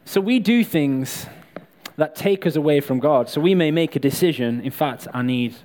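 Guy preaching, slightly high voice, jokey and chatty with the crowd. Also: lively intonation, normal speed, a little mellow. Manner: chatty, joking, addresses the crowd directly. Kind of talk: sermon with live props and volunteers.

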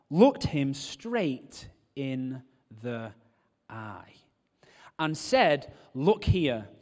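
A man preaching a sermon, telling stories and joking with the congregation. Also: a little high. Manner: animated, joking storyteller. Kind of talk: sermon with storytelling. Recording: long hall reverb.

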